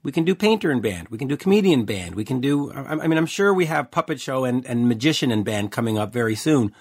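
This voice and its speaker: A man's voice: medium pitch, expressive, fast, husky. A man hosting a rock interview show, chatting casually with many filler restarts. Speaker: podcast host.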